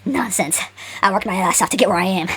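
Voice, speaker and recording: A woman's voice: medium pitch, quick pace, fairly bright tone, husky. A woman voicing a proud, cold male rival warrior who talks in a curt, defiant way. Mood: scornful.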